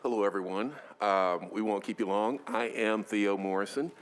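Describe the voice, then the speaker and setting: A man from Nashville, a lobbyist, introducing himself to a council committee in a steady, affable way. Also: lowish voice, normal speed. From Nashville, Tennessee. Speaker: contract lobbyist. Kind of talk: self-introduction at a meeting.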